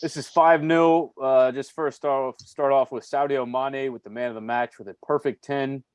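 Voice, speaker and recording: A man's voice: medium pitch, steady tone, normal speed, clean tone, no room sound. A man co-hosting a casual soccer podcast, enthusiastic and laughing often. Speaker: podcast co-host. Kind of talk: casual chat.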